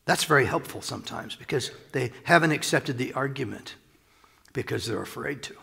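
A man's voice: mid-range voice, animated, measured pace, gravelly, pauses often, bright, forceful tone, slightly rough. A man preaching a sermon as pastor, talking in a loose, conversational way with chuckles and asides, recorded in a church sanctuary. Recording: long reverb of a large hall.

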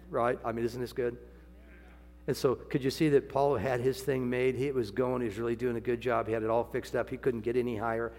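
Older man, sermon, gravelly voice, jokey asides, sudden loud peaks, hall echo. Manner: folksy, joking, swings from low asides to loud high exclamations. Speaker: preacher. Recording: long hall reverb, faint hum.

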